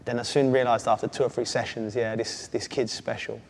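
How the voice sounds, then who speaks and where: A man, a former footballer telling animated stories as an interview guest. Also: medium pitch, fairly quick, gravelly. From England. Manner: animated storyteller, does voices and laughs. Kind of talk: casual chat. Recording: long reverb, faint ambient noise.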